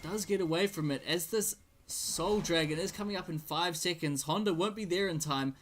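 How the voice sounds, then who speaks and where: Male esports caster, fairly high voice, excitable play-by-play, jokey asides, soft background hiss. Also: normal speed. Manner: excitable, pitch climbs in big fights; jokey asides between plays. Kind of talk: live game commentary.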